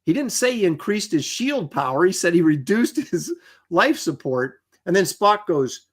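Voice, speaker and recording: Slightly high-voiced man, casual co-host. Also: sing-song, moderate pace. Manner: rambling, restarts often, quotes dialogue. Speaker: podcast co-host. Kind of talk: casual livestream chat.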